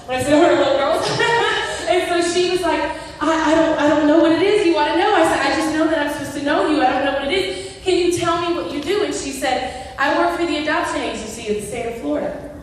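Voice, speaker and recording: A high-pitched middle-aged woman tells a personal faith story at a church event, acting out each quote as she goes. Her voice carries through a big echoing hall from some distance away, with a long reverb trailing off every phrase. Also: fast, slight background noise. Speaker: guest speaker. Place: large indoor event hall. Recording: echoey hall picked up from far off.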